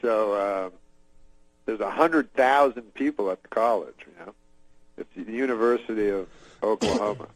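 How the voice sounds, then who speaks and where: A comedian from Canada telling a rambling deadpan story as a talk-show guest, full of fillers and restarts. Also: male voice, lowish voice, moderate pace, dry recording, rough recording.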